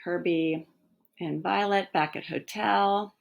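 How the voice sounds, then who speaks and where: A woman's voice: fairly low pitch, steady tone, slow, creaky, highs cut off. A woman teacher who reads a novel aloud, then recaps the chapter for students in a casual, chatty way with many ums.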